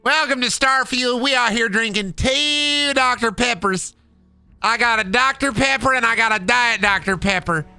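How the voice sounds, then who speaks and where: A man voicing a loud, brash Southern man who boasts and drawls while guzzling soda. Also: very high-pitched, moderate pace, creaky, smooth, no room sound, soft background music, voice pushed up, exaggerated voice.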